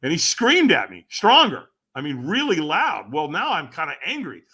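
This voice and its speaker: Animated, bright-voiced male storyteller. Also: on the high side, a little fast, husky. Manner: dramatic, acts out quoted voices and shouts. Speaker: podcast guest.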